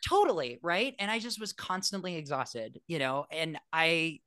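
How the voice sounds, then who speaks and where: A man's voice: on the high side, normal speed, clear, resonant tone, dry recording, clean studio sound. A man, an airline pilot, telling his story in a casual interview, frank and self-deprecating and acting out the voices he quotes. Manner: animated, acts out quoted voices.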